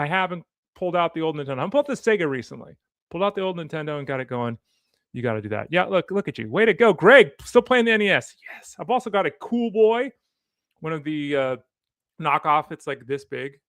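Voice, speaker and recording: A man's voice: a little high, fairly bright tone, no echo, clean studio sound. A man hosting a sports show, chatting casually while opening card packs, rambling and easily sidetracked. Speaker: sports podcast host.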